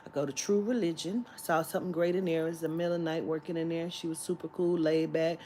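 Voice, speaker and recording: A woman vlogger telling a story in an animated, profane, exasperated way, filmed on a phone in a shopping area. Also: deep voice, quick pace, a little hiss or hum. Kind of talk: storytime vlog.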